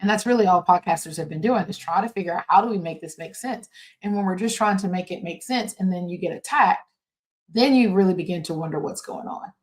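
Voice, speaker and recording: A woman with a somewhat low voice hosts a casual commentary podcast from her home. She talks in a loose, halting way, full of fillers and self-corrections. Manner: halting, with many fillers and restarts. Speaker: podcast host.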